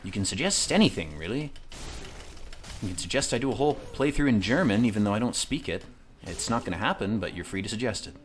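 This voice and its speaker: Lively in intonation and quick, his voice sits on the low side. The thirtysomething man jokes and swears his way through a video game in comedic let's-play commentary, wandering into rambling asides.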